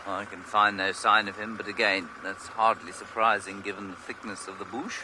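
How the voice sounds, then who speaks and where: On a live game drive in the bush, a safari guide talks about animals from an open vehicle, his humor dry. The voice is lowish and flat, at an ordinary pace, against a noisy background.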